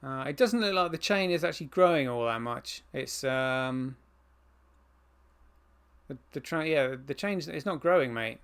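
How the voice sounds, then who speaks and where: A man co-hosting a podcast, talking in a halting way with lots of fillers. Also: on the high side, expressive, gravelly, a bit bright, smooth. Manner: halting, filler-heavy, agreeable. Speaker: podcast co-host. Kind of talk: casual chat.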